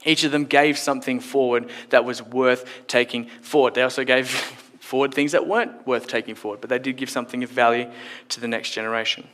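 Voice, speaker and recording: A man's voice: medium pitch, steady tone, brisk, a bit bright. A man preaching a sermon in church, in a conversational, playful storytelling way. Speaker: pastor.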